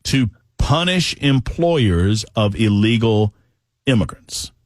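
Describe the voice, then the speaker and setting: A jovial Southern man hosts a call-in radio show, reading listener questions aloud with a lively, bouncing intonation. His voice is close and dry, with no room sound around it. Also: on the low side, takes it slowly, no echo. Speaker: radio talk show host. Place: radio studio.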